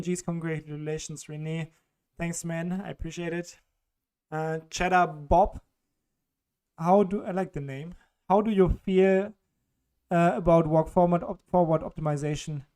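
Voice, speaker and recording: With a strong German accent, a man hosts a casual livestream, reading chat questions aloud and answering with fillers and small laughs. His voice is fairly high, a little mellow, and clean in tone.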